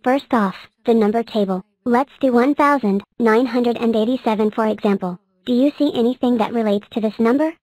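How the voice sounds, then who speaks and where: A woman walks through numbers step by step in an upbeat, explaining tone for a kids' cartoon. Her voice sits a little high and sounds close and dry, with no room around it. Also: fairly quick, few pauses, darkish tone, no room sound, rough recording. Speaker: narrator and teacher. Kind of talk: cartoon voice acting and math lesson.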